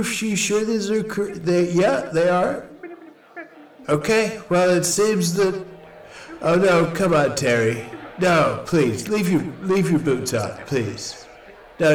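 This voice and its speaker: A man's voice: on the high side, reverberant. A man playing a flustered male city clerk who apologizes and hesitates constantly. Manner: hesitant, apologetic, full of fillers. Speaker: council meeting clerk character.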